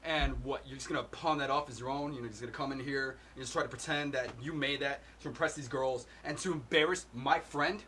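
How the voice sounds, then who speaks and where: A man reciting a film monologue as a sharp young working-class man who quietly and condescendingly takes a grad student apart. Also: medium pitch, brisk, hardly any pauses, slight background noise, lightly acted. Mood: cutting. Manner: quiet, cutting, condescending put-down.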